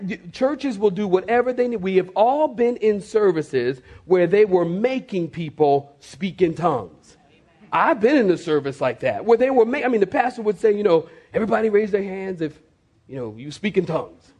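A man preaching a sermon as pastor, animated and repeating his phrases, acting out little scenes in mock voices. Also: high-pitched.

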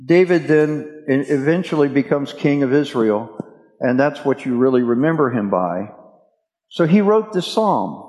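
A man's voice: medium pitch, expressive, unhurried, darkish tone. A male preacher telling a scripture story in a casual, chatty storytelling way during a sermon. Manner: casual storytelling, addresses listeners as guys. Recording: echoey hall reverb.

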